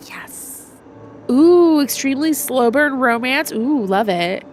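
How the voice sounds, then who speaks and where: A woman's voice: sits high, animated, takes it slowly, music in the background. Chatty congested woman streamer. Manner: chatty, rambling, chats with viewers. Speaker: game streamer. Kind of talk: casual let's-play commentary.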